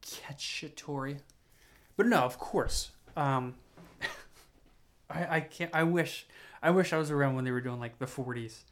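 A man's voice: medium pitch, unhurried, pauses often. A young man hosting a solo podcast, rambling through loose tangents with lots of fillers and restarts, tired and self-mocking. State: tired, yawning. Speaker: podcast host.

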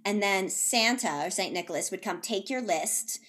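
A woman's voice: medium pitch, animated, moderate pace, fairly bright tone. A woman co-hosting a podcast in casual chat, jokey and swearing casually. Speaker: podcast co-host.

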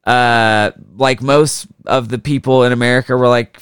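A man's voice: mid-range voice, flat delivery, normal speed, hardly any pauses, clean tone, no room sound, clean studio sound. A man co-hosting a casual history podcast, profane and jokey, slipping into mocking voices as he tells the story. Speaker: podcast co-host.

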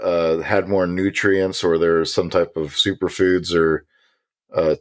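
A man's voice: sits low, no echo. A man co-hosting a casual conspiracy podcast, rambling with many ums and restarts. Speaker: podcast co-host.

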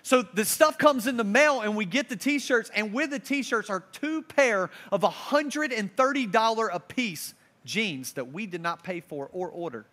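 Young male preacher, high bright voice, animated storytelling sermon. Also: measured pace, few pauses. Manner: animated storyteller, swings between loud and hushed. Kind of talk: sermon with personal stories.

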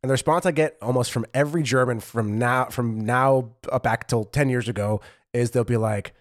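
A man's voice: medium pitch, a little fast, no echo, clean studio sound. A man from California in his thirties, chatting casually as a podcast co-host, rambling with lots of fillers and restarts. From California, USA. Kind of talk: casual chat.

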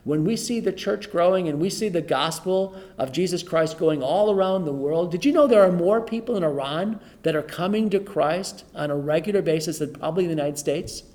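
A middle-aged pastor with a high, darkish voice leads an informal Bible study, speaking a little fast with few pauses. He reads scripture aloud and explains it conversationally, often repeating his phrases.

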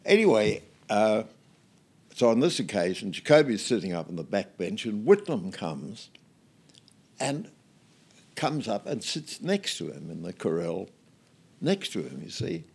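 An older Australian man, a guest in an interview, telling anecdotes in a relaxed way with many fillers and restarts. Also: fairly low pitch, measured pace, vocal fry, long pauses, breathy edge.

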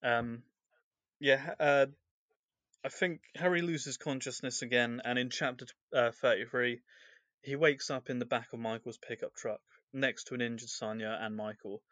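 A man's voice: mid-range voice, fairly even intonation, moderate pace, fairly bright tone, no room sound. A man co-hosting a podcast, recapping a novel's chapters in a loose, rambling way full of fillers. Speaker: podcast co-host. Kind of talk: casual book discussion.

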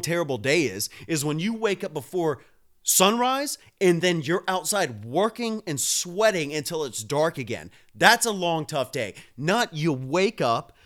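A man's voice: on the high side, a bit bright. A man hosting a live stream, ranting with heavy swearing while drinking a beer and answering viewers. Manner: profane, fired-up ranting, talks to viewers.

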